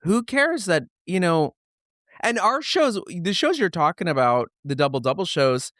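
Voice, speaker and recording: Animated host acting out anecdotes. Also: medium pitch, measured pace, no echo, studio quality. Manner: animated anecdotes, acts out quoted voices, swears casually. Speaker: host, theatre director. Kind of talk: casual interview chat.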